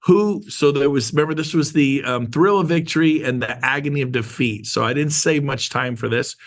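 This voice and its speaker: A middle-aged man coaching a group over a video call, with a gravelly edge to his voice. He talks emphatically and repeats his points, firing questions at his listeners. His pitch sits in the ordinary middle range. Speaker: host of an online real estate training call.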